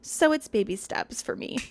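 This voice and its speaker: A woman's voice: mid-range voice, slight background noise. A woman in her thirties hosting a solo podcast, talking candidly and confidingly, now and then stretching words for emphasis. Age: 30s. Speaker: podcast host.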